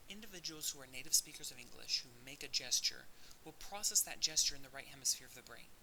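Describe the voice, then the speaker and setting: A man talks through a recorded audio lecture in a clear, explanatory way and now and then restarts a phrase. His voice is very bright. A faint hiss sits under the recording. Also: medium pitch, rough recording. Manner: explanatory, with occasional fillers and restarts. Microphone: audio-only recording.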